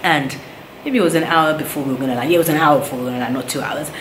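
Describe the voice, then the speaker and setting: A woman from Nigeria shares a story on her vlog in casual, animated talk. Her voice sits a little low and bounces off the walls of an echoey room. A faint hiss sits under her words. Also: racing. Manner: animated retelling, acts out others' lines. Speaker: vlogger, new mother. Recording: roomy echo, faint background noise.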